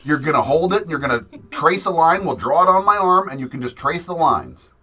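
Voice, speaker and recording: A man's voice: fairly high pitch, sing-song, fairly quick, bright, forceful tone. A man, hosting a livestream in a casual chat, swearing often and laughing through his stories. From Canada. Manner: profane, laughing storyteller. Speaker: livestream host.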